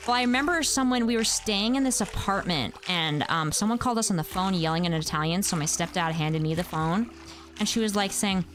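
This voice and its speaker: A woman in her thirties from the United States, chatting casually with her viewers while she plays a game, with animated exclamations. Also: mid-range voice, brisk, faint music behind. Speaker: game streamer. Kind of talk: casual chat while gaming.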